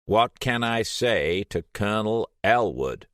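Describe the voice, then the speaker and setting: Narrator doing a commanding male professor, deep voice, urgent, audiobook. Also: lively intonation, slow pace, a bit bright, dry recording, studio quality. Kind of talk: audiobook character voice.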